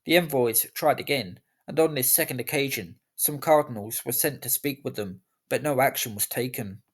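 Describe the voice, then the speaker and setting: A man giving scripted history narration in a measured, even storytelling delivery. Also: mid-range voice, slightly rough.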